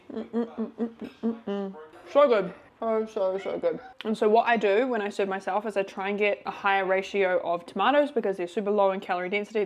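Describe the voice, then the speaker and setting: A woman talking casually through a home cooking vlog, chatty and upbeat with a self-teasing streak. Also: mid-range voice. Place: home kitchen.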